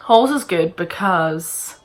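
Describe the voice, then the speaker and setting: She's a young adult vlogger with a Northern Irish accent, talking loosely to camera and joking at her own expense while taking viewers' questions. The voice is lowish and slow, with lively intonation. There's faint music coming from a separate room.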